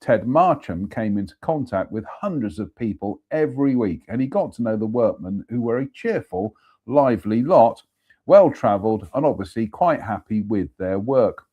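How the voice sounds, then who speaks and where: A man's voice: lowish voice, animated, normal speed, lo-fi sound. A man hosting a live show, reading a ghost story aloud steadily with the odd apologetic aside. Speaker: storyteller host.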